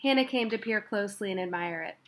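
Female reader, amateur audiobook, unhurried, faint background noise. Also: medium pitch, a bit bright. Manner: unhurried, with casual asides. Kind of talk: reading a novel aloud.

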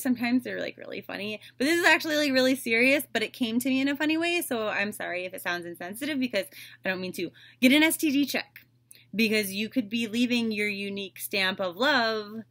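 A woman's voice: medium pitch, pushed and bright. A woman giving a casual tarot reading, chatty and loose, with lots of "like" and "um" fillers. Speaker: tarot reader.

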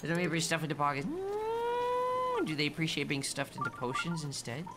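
A gaming streamer giving casual let's-play commentary, playful and affectionate, often dropping to a soft murmur. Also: mid-range voice, wildly swooping pitch, fairly quick, very noisy. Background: game music.

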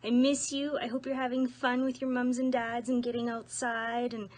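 A woman who is a former preschool teacher, gently and warmly sending a video message to young children. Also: fairly high pitch, flat delivery, normal speed. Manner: gentle and warm, speaking to children.

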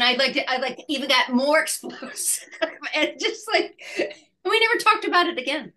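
A woman in her sixties with a bright, forward tone answers an interviewer in a loose, halting way. She trails off, restarts and laughs as she searches for words. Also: high voice, very animated. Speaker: actress, interview guest. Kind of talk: casual interview chat.

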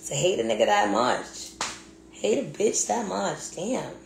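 A woman's voice: mid-range voice, animated, measured pace, vocal fry. A woman venting in a blunt, profane monologue, repeating herself for emphasis. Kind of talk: angry monologue rant. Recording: echoey room, faint background hum.

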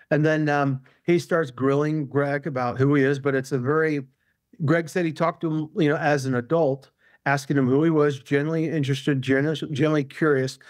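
A man's voice: a little high, darkish tone, no room sound, clean studio sound. A male author, a guest in an interview, telling a long anecdote casually with many fillers and restarts.

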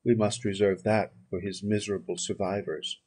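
A man's voice: lowish voice, little pitch movement, normal speed, dark tone, slightly rough. A man voicing a grieving, loyal young male friend who speaks earnestly and consolingly. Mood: sorrowful.

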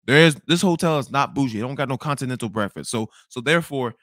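Fast, animated young man ranting. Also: medium pitch, dry recording, clean studio sound. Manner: animated, swearing, repeats himself when angry. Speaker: podcast host telling a story. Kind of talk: profane storytelling rant.

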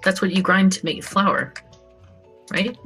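A woman's voice: mid-range voice, fairly even intonation, measured pace, sharp tone, husky, soft background music. A woman co-playing a farming game, chatting casually, explaining things and laughing often. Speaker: co-op gaming guest. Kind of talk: casual let's-play chat.

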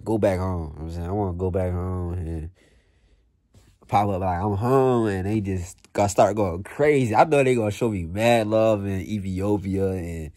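A man's voice: low-pitched, moderate pace, mellow, no room sound, studio quality. A young man vlogging in a blunt, profane, slang-heavy motivational rant that repeats itself.

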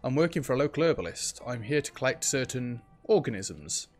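A man's voice: mid-range voice, big pitch swings, fairly quick, soft background music, lightly acted. A man reading out a wary survivalist hero. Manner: reads game dialogue aloud, questioning tone. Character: wary male survivalist hero asking questions.

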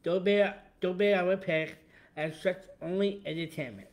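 A young man with a high voice talks in a soft, halting way, repeating words as he goes. He is co-hosting a casual chat show. The room around him is echoey. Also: fairly even intonation. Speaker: co-host.

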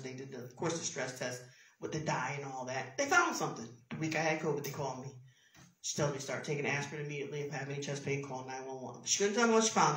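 A woman's voice: low voice, recorded from a distance. Fervent woman preacher in an echoey church. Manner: fervent, conversational, rising to forceful preaching. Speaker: pastor. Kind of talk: sermon.

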